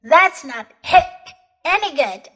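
A woman voicing a little boy bear cub who keeps hiccuping, squeaky and broken up by hiccups. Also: expressive, slow pace, bright, forceful tone, heavily acted.

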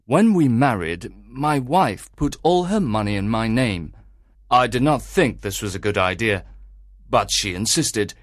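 A man playing a worried, earnest middle-aged merchant in an audiobook drama, telling his story in a measured way. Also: medium pitch, expressive, dry recording, studio quality, close to an everyday voice.

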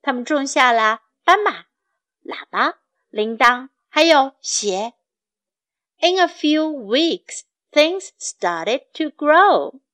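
A woman reading a children's storybook aloud and tutoring, speaking clearly and repeating phrases for learners. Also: sits high, sing-song, takes it slowly, fairly bright tone.

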